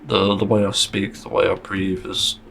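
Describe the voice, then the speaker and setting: A man hosts a casual solo podcast monologue, speaking bluntly and frankly with plenty of swearing and the odd sarcastic aside. His low, creaky voice has little pitch movement and a fairly bright tone at normal speed, with slight background noise.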